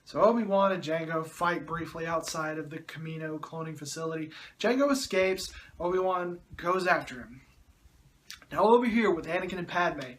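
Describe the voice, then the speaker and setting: Guy ranting through a movie review, pretty high voice, sarcastic and fed up. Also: normal speed, a bit bright, a little hiss or hum. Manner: sarcastic and exasperated, with mocking impressions.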